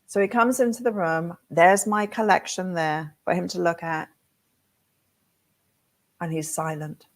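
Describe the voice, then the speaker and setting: A woman from England, a hair design educator giving a motivational talk as an animated storyteller who acts out her own thoughts. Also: on the low side, a little slow.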